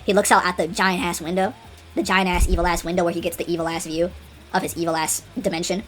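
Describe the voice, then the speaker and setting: A woman's voice: on the low side, level tone, fast talker, fairly bright tone, soft background music. Rambling woman telling a story. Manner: rambling, with many restarts and dramatic asides. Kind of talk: casual story narration.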